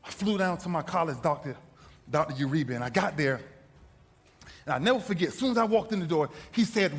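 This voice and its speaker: A man, a former football player, telling a story in an impassioned motivational speech, swinging from shouts to hushed near-whispers in a husky voice. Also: fairly high pitch, lively intonation, quick pace. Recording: echoey hall with music underneath.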